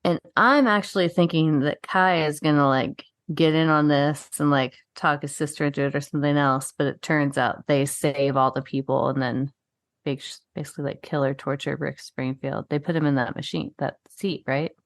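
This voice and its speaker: Low-voiced woman recapping with profanity. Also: normal speed, no room sound, clean studio sound. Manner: profane, animated storytelling, frequent "like". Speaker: podcast co-host. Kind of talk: casual chat.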